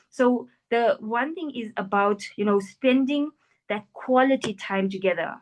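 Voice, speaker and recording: Animated woman giving advice. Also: a little high, rough recording. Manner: earnest, animated, acts out quoted parents and children. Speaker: NLP practitioner and life coach. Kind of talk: interview answers, advice on parenting.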